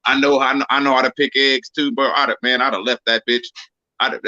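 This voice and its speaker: A man telling stories in a casual chat, loud and laughing, often mimicking other people. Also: medium pitch, level tone, a little fast, muffled recording. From Texas. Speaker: co-host.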